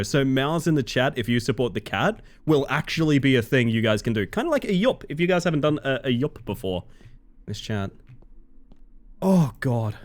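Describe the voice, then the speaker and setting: A male game streamer talking casually to his live chat, excitable and quick to dissolve into laughter. His pitch leaps up and drops down all the time, from squeaky high bursts to low mutters, and he sits at an ordinary middle pitch for a man. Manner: excitable, breaks into laughter, chats to viewers.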